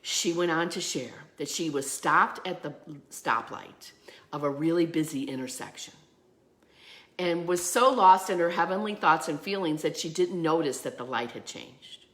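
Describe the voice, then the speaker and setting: Bright-voiced woman minister telling a story. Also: deep voice, normal speed. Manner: animated storyteller, acts out the quoted voices; drops to a soft hush at the close. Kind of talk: sermon with storytelling.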